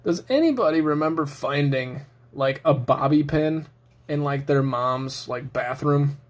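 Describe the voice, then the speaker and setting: Young guy doing a laid-back knife review, kinda high voice, snarky and joking around. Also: measured pace. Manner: sarcastic, joking, rambling asides. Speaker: knife reviewer, show host. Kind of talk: casual product review.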